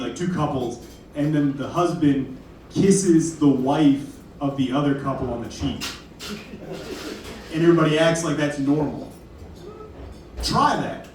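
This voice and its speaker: Heard from far away in a very echoey comedy club, a young man from Kentucky delivers a rambling, self-deprecating stand-up set peppered with apologies. His voice is a little high and a little mellow, with some hiss or hum.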